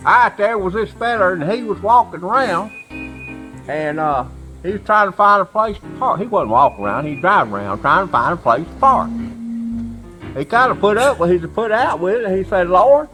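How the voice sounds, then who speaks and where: A man's voice: high voice, big pitch swings, normal speed, bright, forceful tone, soft background music, full character voice, low-quality recording. A man voicing a folksy country fellow who swaps corny jokes with a drawl. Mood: folksy joking. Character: PeaRoy, folksy country man puppet-style character. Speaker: joke-telling sidekick.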